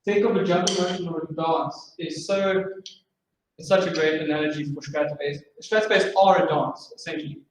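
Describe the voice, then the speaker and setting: A man's voice: a little high, fairly even intonation, normal speed, a little hiss or hum. A man giving a drumming masterclass, explaining rhythms and counting beats aloud as he goes. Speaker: drumming instructor. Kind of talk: masterclass lecture. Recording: echoey room from far off.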